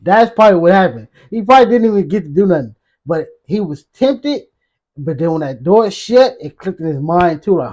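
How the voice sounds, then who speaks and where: High-voiced man in animated reaction commentary. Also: brisk. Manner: animated, slangy, talks back to the clip. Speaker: reaction video host.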